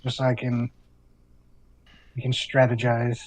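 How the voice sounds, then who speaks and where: A man's voice: medium pitch, monotone, measured pace, dry recording, low-quality recording. Man planning moves in a tabletop game. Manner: thinking aloud, planning with many fillers. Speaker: player.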